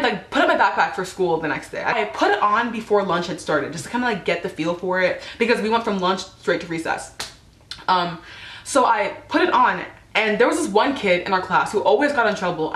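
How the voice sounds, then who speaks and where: A woman's voice: mid-range voice, fairly bright tone, roomy sound. A teenage girl telling embarrassing stories to camera in a chatty, casual way, peppered with "like" and acted-out quotes. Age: teens. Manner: chatty, lots of "like", acts out quotes. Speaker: vlogger.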